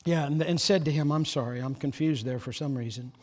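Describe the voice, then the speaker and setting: A pastor delivers a fairly quick sermon in a church, his voice high for a man. He swells loudly with passion, then drops to near-whispers, and a long reverb trails every phrase.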